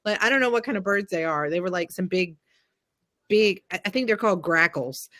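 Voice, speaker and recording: A woman with a Southern accent telling a long animated story on a video call, full of "like" and "I'm like". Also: fairly low pitch, a little fast, no echo, clean studio sound. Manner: animated, many "like"s and "I'm like", acts out voices in quotes. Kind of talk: casual storytelling chat.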